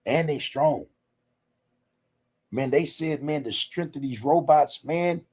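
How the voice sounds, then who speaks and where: A man's voice: mid-range voice, a little mellow. A man hosting a podcast, talking casually and emphatically while answering chat comments. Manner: emphatic, conversational, repeats "man" and "you know". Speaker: podcast host. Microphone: streaming setup microphone.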